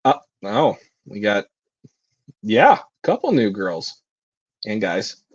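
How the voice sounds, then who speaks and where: A man's voice: on the low side, wildly swooping pitch, takes it slowly, husky, no echo, muffled recording. A man hosting a live stream, reading manga aloud and sharing thoughts with giggly, thinking-aloud asides. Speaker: reaction stream host.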